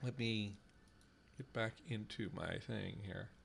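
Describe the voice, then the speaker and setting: A man hosting a live stream on building a language, thinking aloud slowly with many fillers, repeating trial words over and over. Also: fairly low pitch, gravelly, a bit bright, a little hiss or hum. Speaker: podcast host running a conlang stream.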